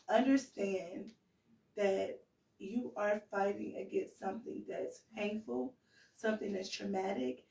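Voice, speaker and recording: A woman's voice: medium pitch, creaky, a little mellow, roomy sound, distant mic, rough recording. A woman co-hosting a podcast who gives earnest, pleading advice, emotional and direct. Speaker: podcast co-host.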